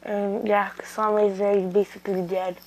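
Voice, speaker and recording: A young woman casually retelling a fan story as a channel host, rambling and halting with many fillers and restarts. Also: medium pitch, little pitch movement, a little mellow, slight background noise, rough recording.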